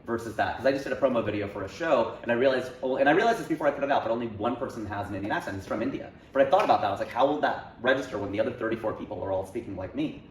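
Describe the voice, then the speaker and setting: Fast-talking animated man in a roomy space. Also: medium pitch. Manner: animated, joking, argumentative. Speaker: comedian guest. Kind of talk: casual interview chat. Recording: roomy echo, faint noise.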